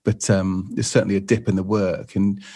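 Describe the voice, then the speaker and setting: A man's voice: deep voice, flat delivery, fairly quick, dark tone, husky. A man, a photographer guest on a podcast, chatting in a rambling way with lots of fillers. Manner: rambling, lots of "you know". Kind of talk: casual podcast chat.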